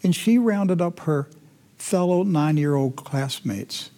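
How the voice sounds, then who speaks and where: A man hosting a commentary show, talking indignantly and moving between heated outbursts and hushed, emotional passages. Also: fairly high pitch, lively intonation, slow. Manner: indignant, swings from loud ranting to hushed emotional. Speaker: host.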